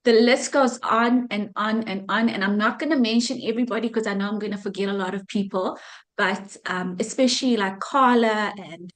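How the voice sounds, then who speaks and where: A woman's voice: mid-range voice, moderate pace. A woman from South Africa giving a heartfelt, effusive thank-you speech to her community on a video call, repeating her thanks again and again. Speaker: community leader.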